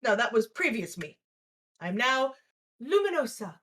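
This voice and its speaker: Woman player, high and animated, playful banter in character. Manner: playful, quick back-and-forth. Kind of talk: in-character tabletop role-play.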